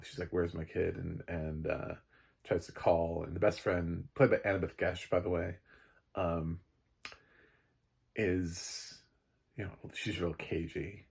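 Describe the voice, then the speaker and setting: A man's voice: sits low, vocal fry, darkish tone, slightly rough. A man reviewing a film in a casual, rambling, joking way, full of fillers and the odd swear word. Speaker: movie reviewer.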